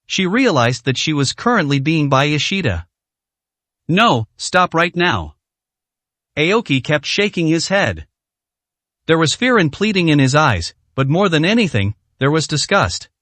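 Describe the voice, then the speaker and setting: A man narrating a dramatic story in a scripted, expressive reading. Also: a little high, normal speed, no room sound.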